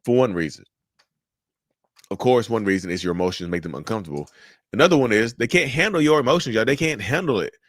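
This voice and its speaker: A man giving casual, animated commentary to his viewers, repeating his points and calling them y'all. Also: fairly low pitch, fast, dry recording, studio quality. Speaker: mental health commentator.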